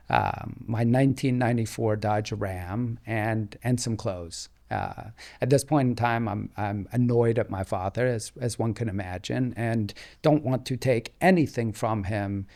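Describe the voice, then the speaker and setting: A man, a podcast guest, telling a long personal story in relaxed conversation, acting out bits of dialogue and often restarting his sentences. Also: mid-range voice, unhurried. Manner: animated, acts out dialogue, frequent restarts.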